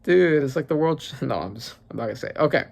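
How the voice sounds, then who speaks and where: A man hosting a casual reaction commentary, excitable and rambling, often exclaiming and swearing as he goes. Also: mid-range voice, racing, gravelly, slightly rough. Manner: rambling with many fillers. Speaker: manga reaction channel host.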